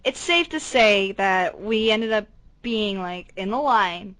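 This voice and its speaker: A woman's voice: mid-range voice, slow pace. A woman in her twenties co-hosting a podcast, telling rambling stories in casual chat and acting out quotes. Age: 20s. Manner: rambling, animated storytelling with acted-out quotes. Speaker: podcast co-host.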